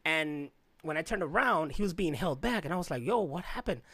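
A man's voice: a little high, lively intonation, a little fast, bright, forceful tone, no room sound. A man from Chicago in casual podcast chat, rambling through a personal story and acting out the voices of people he quotes. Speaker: podcast co-host.

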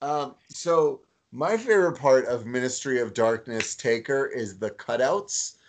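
A man chatting on a casual podcast in a mid-range voice. He speaks haltingly, stopping often to restart and filling gaps with ums. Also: medium pitch. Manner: hesitant, full of ums and restarts. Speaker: podcast co-host.

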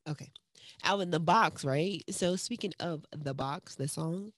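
A woman co-hosting a casual podcast, talking in an animated, rambling way with teasing and swearing. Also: on the low side, normal speed, no room sound, clean studio sound. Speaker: podcast co-host. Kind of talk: casual chat. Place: at home in another city from her co-host.

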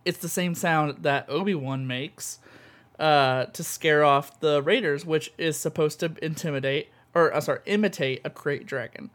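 A man co-hosting a podcast, talking in an excitable, gushing way full of fillers. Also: on the high side, normal speed. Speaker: podcast co-host. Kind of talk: casual chat.

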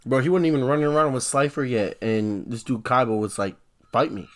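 A man's voice: medium pitch, a little fast. A young man co-hosting a podcast, rambling casually in laid-back, slangy talk. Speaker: podcast co-host. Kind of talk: casual chat.

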